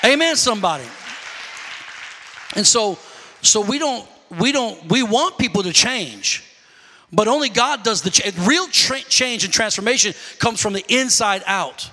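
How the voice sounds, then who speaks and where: A man's voice: high-pitched, expressive, measured pace, sharp tone, long reverb tail, a faint crowd. A man preaching a sermon, telling stories animatedly and calling out to his congregation. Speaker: pastor.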